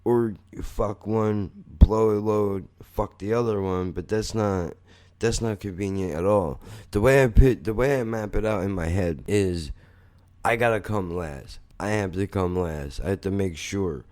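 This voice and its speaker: Male podcast host, low-ish voice; rambling, blunt, profane monologue. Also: a little slow, darkish tone. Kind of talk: casual storytelling monologue.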